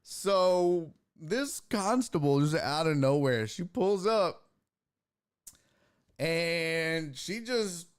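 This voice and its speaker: Male streamer, fairly high and very lively voice, rambling and profane storyteller. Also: extremely slow, clear, resonant tone. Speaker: sports talk show host. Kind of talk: casual storytelling on a live stream.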